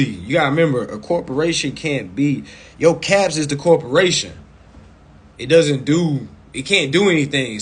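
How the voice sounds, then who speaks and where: A man coaching viewers in a casual live stream over a phone mic, blunt and profane, repeating himself and breaking into loud, emphatic bursts. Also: medium pitch, husky.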